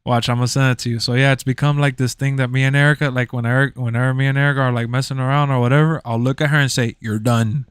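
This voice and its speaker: Young man streamer rambling on, smooth clear voice, dry close sound. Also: mid-range voice, little pitch movement, rapid-fire, hardly any pauses, no room sound. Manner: rambling, repeats himself, laughs a lot. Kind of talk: casual chat.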